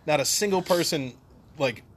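A man's voice: fairly high pitch, normal speed, breathy edge. A man telling stories in a casual podcast chat among friends, laughing often. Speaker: podcast co-host. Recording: noisy background.

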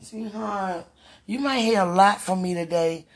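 A woman's voice: medium pitch, expressive, fairly quick. A woman vlogging in a casual, rambling monologue, sighing and repeating herself as she pleads aloud to God.

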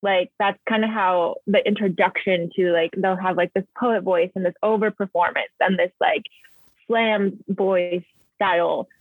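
A woman's voice: mid-range voice, steady tone, unhurried, no room sound. A woman poet chatting casually, rambling with lots of "like" and "um". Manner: rambling, many fillers like "like" and "um". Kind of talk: casual conversation. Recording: tinny phone line, dry.

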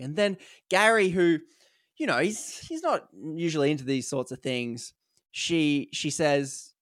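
Man, animated storyteller. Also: fairly high pitch, takes it slowly, long pauses, dry recording, clean studio sound. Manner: animated retelling, acting out quoted lines, frequent fillers. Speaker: podcast co-host telling a story. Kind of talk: casual storytelling chat.

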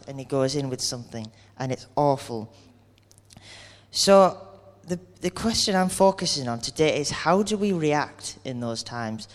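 A man giving an earnest, conversational sermon, speaking candidly and acting out everyday complaints. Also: a little high. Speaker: preacher. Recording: long hall reverb.

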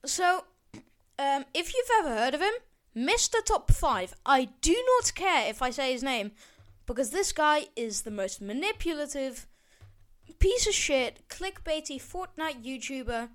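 A woman's voice: high-pitched, expressive, a little slow. A teenage girl hosting her own podcast, rambling and sarcastic, swearing and backtracking as she rants. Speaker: podcast host. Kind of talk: casual solo podcast rant.

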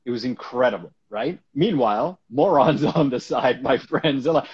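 A man's voice: mid-range voice, big pitch swings, moderate pace, a little hiss or hum. A man, an actor, telling a story as a guest in a casual interview, laughing often and acting out the people he quotes. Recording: dull lo-fi recording.

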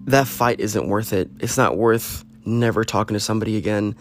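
A man with a lowish voice speaks at a moderate pace in a heartfelt, rambling personal monologue, earnestly urging listeners to reach out to their friends. Faint guitar music plays behind him.

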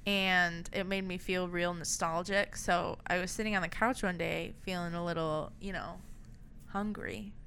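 A woman's voice: lowish voice, steady tone, unhurried, a bit bright, slight background noise. A young woman co-hosting a casual podcast, teasing and joking. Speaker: podcast co-host. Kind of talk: casual chat.

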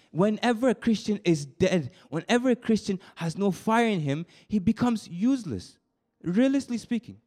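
A young man gives a sermon to a youth group, lowering his voice to a soft, confiding tone before rising into high, excited bursts. He often repeats words and restarts his sentences.

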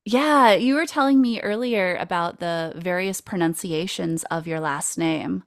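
A woman's voice: on the low side, measured pace, no room sound, studio quality. A woman hosting a podcast, recapping a film in a playful, jokey way with frequent laughs. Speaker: podcast host.

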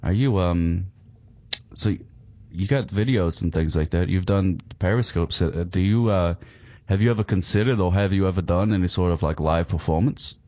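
An American man interviewing a guest in a casual chat, animated and rambling, often repeating his words. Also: sits low, normal speed. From United States. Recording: dull lo-fi recording.

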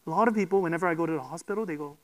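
With a middling-pitched voice, a preacher gives an emphatic sermon built on rhetorical questions, often checking in with his listeners. He talks at a racing pace, and the audio quality is poor.

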